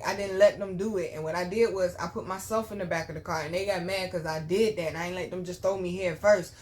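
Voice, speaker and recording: A woman's voice: medium pitch, a little hiss or hum. Blunt, profane young woman telling a story. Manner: blunt, profane, talks straight to viewers. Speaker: channel host. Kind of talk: casual storytelling to camera.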